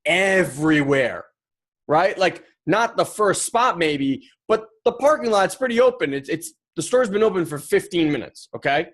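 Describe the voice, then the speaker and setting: A man's voice: high-pitched, moderate pace. A man hosting a podcast, talking casually and animatedly about a personal insight and acting out quoted thoughts. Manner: animated, acts out quoted inner voices. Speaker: podcast host. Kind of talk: casual motivational monologue.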